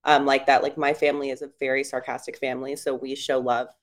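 Brief: young woman guest, low voice, chatty, acts out her own stories. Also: fast talker. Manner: chatty storytelling, quotes herself in lively voices. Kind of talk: casual chat.

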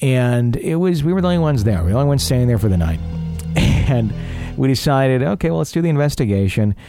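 Rambling male radio host, mid-pitched, chatty, with a music bed under him. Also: animated, fast talker. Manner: rambling, chatty, self-deprecating. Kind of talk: paranormal call-in talk radio.

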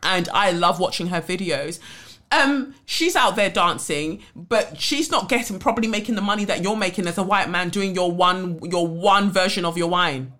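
A woman, hosting a podcast in casual chat, blunt and animated, swearing freely. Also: on the low side, normal speed. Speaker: podcast host.

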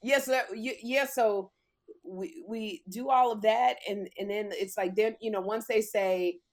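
A woman's voice: medium pitch, measured pace. A middle-aged woman hosting a talk show, chatting casually and animatedly, acting out the voices in her stories and still a little out of breath. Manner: animated storyteller, acts out quoted voices. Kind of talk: casual chat.

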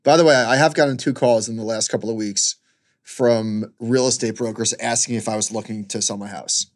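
A man's voice: mid-range voice, steady tone, a little fast. Brief: male podcast co-host, laid-back finance chat, dry quips, short answers.

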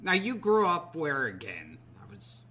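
A man hosting a podcast, asking halting, stop-start questions in casual chat. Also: fairly high pitch, huge pitch swings, bright, forceful tone, breathy edge. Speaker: podcast host.

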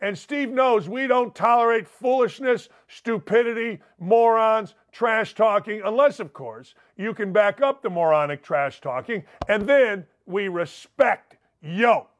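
Brash, high-pitched sports talk host man. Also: a little slow. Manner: brash, animated, reads listener emails with loud gusto. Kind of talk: sports talk radio monologue.

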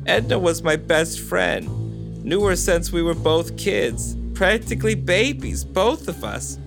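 A man's voice: huge pitch swings, a little slow, music in the background. A man reading aloud who voices a drunk, grieving woman with a whiny, slurred manner. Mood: sobbing. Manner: slurred, whiny, pitched up high. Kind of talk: comic dramatic reading.

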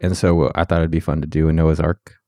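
Fast-talking, teasing male interviewer. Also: extremely low pitch, level tone, warm tone, dry recording, studio quality. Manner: teasing, jokey. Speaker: podcast host. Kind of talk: casual interview chat. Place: office.

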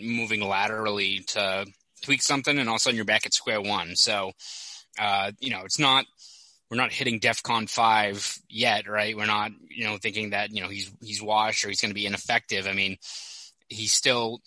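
A man's voice: fairly low pitch, pushed and bright, dry recording, low-quality recording. A man hosting a sports podcast, telling stories in a chatty way with lots of asides. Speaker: podcast host. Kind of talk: casual sports podcast chat.

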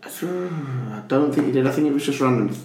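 Lively, playful man. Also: mid-range voice, roomy sound, crowd noise. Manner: playful, quick to tease and do silly voices. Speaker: podcast co-host. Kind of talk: casual chat.

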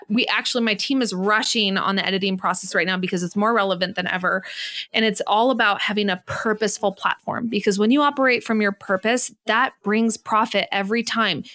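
A woman's voice: mid-range voice, bright, forceful tone. A woman business coach, a guest on a podcast interview, talking in an emphatic, preachy motivational way.

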